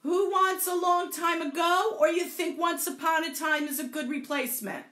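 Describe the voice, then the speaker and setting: A woman's voice: very high-pitched, steady tone, normal speed, a bit bright, reverberant. A playful woman leading a live group storytelling session, encouraging her participants and joking about tongue twisters. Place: indoor room, also streamed to Facebook.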